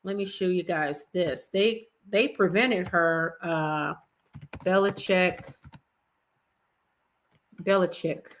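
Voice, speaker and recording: A woman's voice: lowish voice, slow, long pauses. Chatty woman hosting a livestream. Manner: chatty, expressive, talks straight to viewers. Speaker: livestream host. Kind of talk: casual commentary chat.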